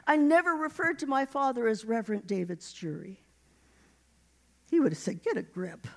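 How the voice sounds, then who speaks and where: Animated woman preaching a sermon. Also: fairly high pitch, normal speed, creaky. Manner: animated, exhorting the congregation.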